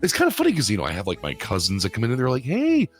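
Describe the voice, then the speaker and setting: A man's voice: mid-range voice, very fast, faint music behind. A man co-hosting a casual podcast, telling stories with lots of swearing and acting out other people in exaggerated voices. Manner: animated storytelling, acts out other people in swinging voices, swears a lot. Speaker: podcast co-host, streamer. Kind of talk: casual chat.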